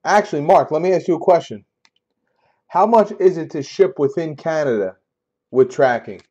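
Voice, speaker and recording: A man hosting a sports card break live, talking casually and getting loudly exasperated, repeating himself. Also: a little high, moderate pace, highs cut off. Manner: exasperated, repetitive, loud outbursts. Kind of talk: casual live-stream banter.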